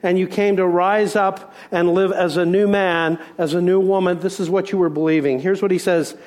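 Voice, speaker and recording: A middle-aged man preaching with a fairly high voice, pressing his points through rhetorical questions. He then sinks into soft, reflective stretches. A pastor's sermon delivery throughout. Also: steady tone, normal speed.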